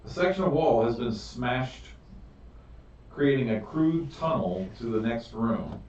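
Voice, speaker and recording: A man narrating a tabletop game as game master, reading scene descriptions slowly and deliberately. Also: mid-range voice, lively intonation, a little mellow, slight background noise. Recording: echoey room, far from mic, dull.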